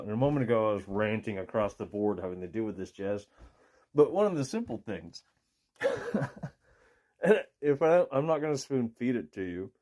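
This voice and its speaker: A man's voice: mid-range voice, darkish tone, no echo, clean studio sound. A man ranting in a rambling, cursing monologue with a toothbrush in his mouth. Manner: rambling, cursing, frustrated rant. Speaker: vlogger. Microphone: phone.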